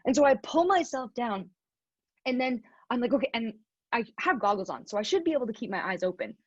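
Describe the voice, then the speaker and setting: A woman with a husky, slightly higher voice tells a story as a motivational speaker, laughing often. The sound is dry and close, with a dull, lo-fi quality. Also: a little fast, no echo. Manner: animated, laughs often while telling the story. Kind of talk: storytelling keynote talk.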